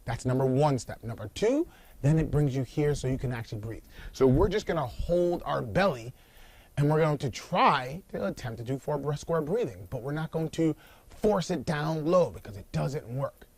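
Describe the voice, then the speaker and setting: A man's voice: on the high side, animated, moderate pace, a little mellow, no echo. A middle-aged man coaching viewers through a breathing exercise while seated on the floor, acting out worried clients and counting the breaths aloud. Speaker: anxiety and body coach. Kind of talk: instructional video talk.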